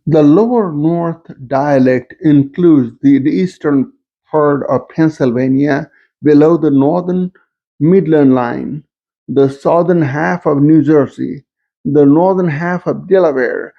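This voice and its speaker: A man lectures in a measured way, pausing over each example word as he lists them. His voice sits somewhat high for a man and has a gravelly fry, and the recording sounds dull and lo-fi. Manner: slow, careful, lists example words one by one. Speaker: instructor. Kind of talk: lecture on dialects.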